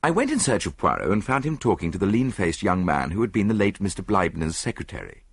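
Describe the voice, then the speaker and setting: A man reading an audiobook in measured first-person narration on a close studio mic. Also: low-pitched, very animated, husky, dry recording.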